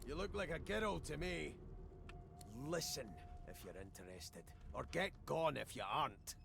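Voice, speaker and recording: An actor playing a gruff, excitable male dwarf sailor in a video game, talking in a rough, folksy, conspiratorial way. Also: a little high, measured pace, exaggerated voice.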